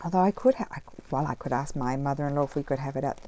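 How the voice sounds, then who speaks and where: A woman's voice: rumbling low, racing, warm tone. A middle-aged woman chatting casually while she crafts, rambling with many fillers. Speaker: craft vlogger. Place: home craft table, indoors.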